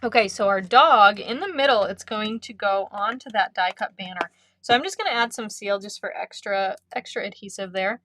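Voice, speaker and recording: A woman's voice: medium pitch, moderate pace, few pauses, a bit bright, slight background noise. A woman leading a live card-making class, chatty and upbeat, often breaking into giggles. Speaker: craft instructor.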